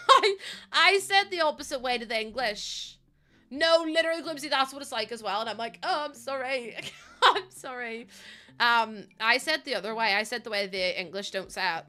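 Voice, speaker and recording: Bright, giggly Irish woman streamer. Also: fairly high pitch, lively intonation, fairly quick. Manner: rambling, giggly, swears casually. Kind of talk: casual live-stream chat while playing.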